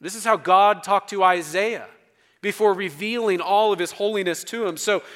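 Male pastor, slightly high voice, emphatic sermon delivery, long church reverb. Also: normal speed. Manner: emphatic, dramatic swings in loudness. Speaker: preacher. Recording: long reverb of a large hall.

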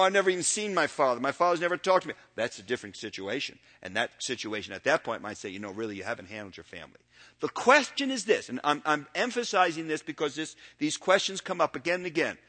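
Older man, pastor lecturing from the pulpit; bright, forceful tone, pitched a bit high, loud peaks and hushed drops. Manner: swings from loud emphatic peaks to low quiet asides. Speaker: pastor teaching elders. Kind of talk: sermon lecture.

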